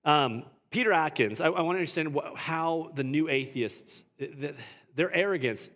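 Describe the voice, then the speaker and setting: A man's voice: a little high, normal speed, fairly bright tone. A man teaching a church apologetics class in a conversational way, asking rhetorical questions and often restarting his sentences.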